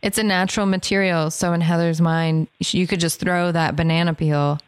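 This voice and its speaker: Low-voiced woman chatting casually. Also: fairly even intonation, fairly quick, smooth, no echo. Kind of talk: casual chat among friends.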